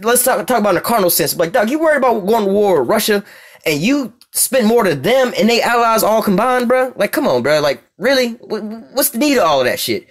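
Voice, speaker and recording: A man's voice: sits high, sing-song, brisk. An American man preaching, reading scripture aloud and commenting on it in blunt, profane street talk, often checking that listeners follow him. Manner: profane, blunt, keeps asking "you see what I'm saying".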